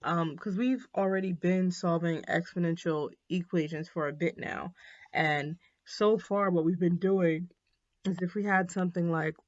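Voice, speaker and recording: A woman teaching a math lesson in a casual, chatty way, with frequent ums and quick apologies for her slips. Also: lowish voice, steady tone. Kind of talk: recorded classroom lesson. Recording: dull, slightly lo-fi.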